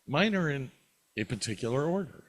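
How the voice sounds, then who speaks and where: A man's voice: medium pitch, sing-song, a little fast, dry recording. A man co-hosting a podcast in casual chat, joking with crude humor over a home microphone. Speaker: podcast co-host.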